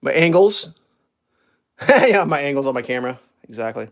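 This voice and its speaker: A man's voice: medium pitch, very animated, moderate pace, gravelly, a bit bright. A man vlogging casually while cooking in his home kitchen, rambling and chatting with his dog.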